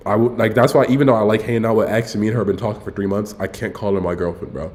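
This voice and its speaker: A man's voice: on the low side, steady tone, rapid-fire, darkish tone. A young man on a casual livestream, telling a dating story in a loose, rambling way and saying "bro" constantly. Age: young adult. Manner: rambling, self-interrupting. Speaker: streamer.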